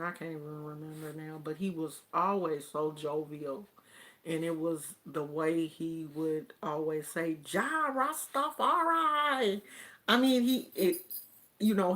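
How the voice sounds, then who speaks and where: A woman vlogger chats casually to camera and tells her stories in an animated, drawn-out way. She speaks at an unhurried pace in a fairly low voice.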